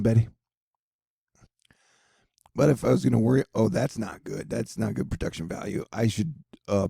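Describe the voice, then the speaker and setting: Gravelly, rambling man vlogging. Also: mid-range voice, mellow, no echo, studio quality. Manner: joking, rambling, many asides. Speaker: weather and news video host. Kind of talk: casual rambling commentary.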